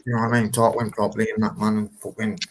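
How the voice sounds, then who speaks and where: A man's voice: lowish voice, little pitch movement, very fast, slight background noise. A man, bluntly and animatedly telling stories in a casual chat, swearing often.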